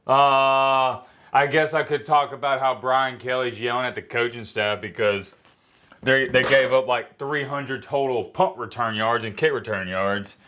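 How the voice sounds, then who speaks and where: A man's voice: medium pitch, fairly even intonation, a little slow, pushed and bright. A man giving a casual, opinionated reaction to a college football game, blunt and self-mocking, often rambling and restarting his sentences. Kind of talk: casual sports reaction rant.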